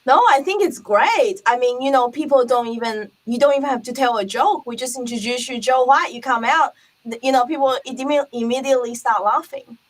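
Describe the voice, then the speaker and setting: A woman hosts a relaxed interview and keeps her guest talking with short, encouraging replies. Her voice sits high. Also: fairly quick, low-quality recording. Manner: brief encouraging responses. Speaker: interview host. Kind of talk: casual interview.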